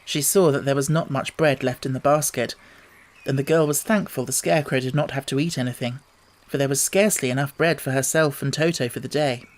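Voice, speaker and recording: A man narrating an audiobook with a steady, measured storytelling delivery. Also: mid-range voice. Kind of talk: scripted narration.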